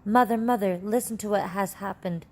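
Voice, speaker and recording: A woman's voice: mid-range voice, moderate pace, lightly acted. Storybook read-aloud: woman doing a sweet, eager young boy, words tumbling out. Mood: excited. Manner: excited, tumbling speech. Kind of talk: children's book read aloud.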